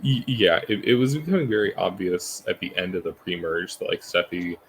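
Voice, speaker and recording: A man co-hosting a podcast, talking through a reality show's strategy in a measured, casual way full of "like". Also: deep voice, expressive, a little hiss or hum, low-quality recording. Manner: measured, filler-heavy analysis with many "like"s. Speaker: podcast co-host. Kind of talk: casual recap chat.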